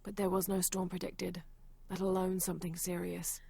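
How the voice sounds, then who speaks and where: An actress voicing a female adventurer in a video game, reading old journal entries aloud in a measured, serious way. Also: on the low side, monotone, creaky, dark tone, husky. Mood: grim.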